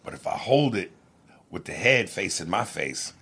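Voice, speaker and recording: A man's voice: low-pitched, animated, moderate pace, gravelly, sharp tone, breathy edge. A man co-hosting a podcast in crude, casual chat, laughing and mumbling asides. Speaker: podcast co-host.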